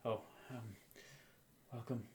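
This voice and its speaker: A man's voice: mid-range voice, fairly even intonation, slow pace, slight background noise, natural voice. A man voicing a male leader of a band of elves, talking hesitantly in his own everyday voice. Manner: hesitant, plain-spoken.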